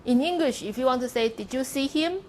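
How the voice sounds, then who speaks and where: A woman's voice: high-pitched, expressive, brisk, a little mellow, a little hiss or hum. A woman giving a university lecture to a class of students, explaining step by step and modelling pronunciations aloud as she goes. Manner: explains step by step, demonstrating pronunciations and asking "okay?".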